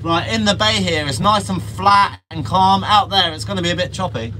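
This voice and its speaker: A man's voice: high-pitched, normal speed, bright, forceful tone, slight background noise. A man hosting a fishing livestream, chatting casually with viewers outdoors on a small boat. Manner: chatty, reads out viewer comments, friendly slang. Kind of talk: casual live-stream chat with viewers. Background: boat engine and water.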